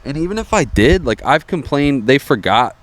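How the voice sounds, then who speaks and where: A man's voice: mid-range voice, very animated, normal speed, no echo. A man co-hosting a podcast, rambling in casual chat, hedging a lot and swearing. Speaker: podcast co-host.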